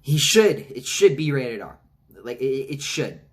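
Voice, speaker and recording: A man giving a casual trailer reaction, rambling with many restarts and some swearing, and mocking lines in high-pitched voices. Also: expressive, unhurried, a little mellow. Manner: rambling, frequent restarts and profanity. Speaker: movie reviewer.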